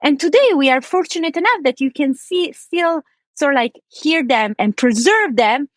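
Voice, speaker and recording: A woman's voice: high voice, lively intonation, moderate pace, no room sound. A woman reporter explaining a subject at length as a podcast guest, chatty and full of "like" fillers. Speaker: archaeology reporter.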